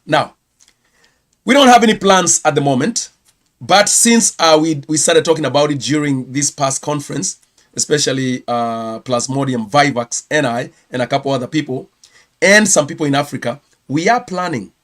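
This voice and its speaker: A man from Kenya with a Kenyan accent, hosting a casual ministry news roundup, chatty and quick to correct himself. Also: on the high side, a bit bright. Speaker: ministry host.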